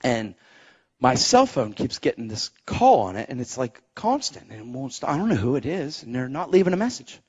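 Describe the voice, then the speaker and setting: A man preaching and telling a testimony story, animated, acting out the voices of people in his story and rising to shouts as he exhorts. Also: mid-range voice, fairly quick, husky, muffled recording. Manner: animated, acts out quoted voices. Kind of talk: sermon storytelling.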